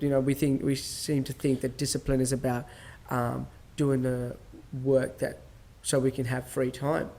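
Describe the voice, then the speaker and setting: A man's voice: medium pitch, a little mellow. A man hosting a podcast, talking casually in a rambling way, full of fillers and restarts, and acting out dialogue as he tells stories. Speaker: podcast host. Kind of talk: casual monologue.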